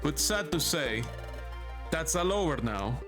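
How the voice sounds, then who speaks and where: A man reading the lines of a smug, scheming male ghost villain from a video game, mocking and slow, over background music. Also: on the high side, sing-song. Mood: taunting.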